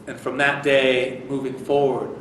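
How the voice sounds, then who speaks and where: A man telling a personal story to a crowd in an inspirational speech, conversational and animated at times. He is recorded from a distance in an echoey hall, with a faint rumble underneath. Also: unhurried. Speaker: speaker at a convention.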